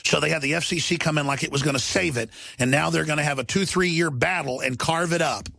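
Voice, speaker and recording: Gravelly ranting radio host man. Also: fairly high pitch, quick pace, pushed and bright, no room sound, studio quality. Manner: ranting, mocking, shifts into sneering put-on voices. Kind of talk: combative talk radio monologue.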